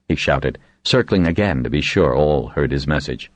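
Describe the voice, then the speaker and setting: A low-pitched man reads a fantasy novel aloud, his voice rising and falling with animated expression. The sound is dry and close, with no room around it. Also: moderate pace, hardly any pauses, no echo. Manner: reads with lively, varied intonation and raises his pitch for voiced quotes. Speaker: audiobook narrator. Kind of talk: scripted narration.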